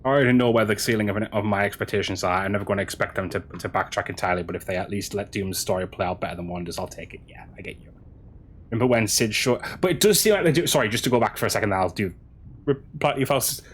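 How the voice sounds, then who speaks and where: A man streaming a game, chatting casually with his audience in a halting way, with frequent restarts. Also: lowish voice, breathy edge. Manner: halting, chatty, many restarts, answering chat. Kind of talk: casual stream chat while gaming.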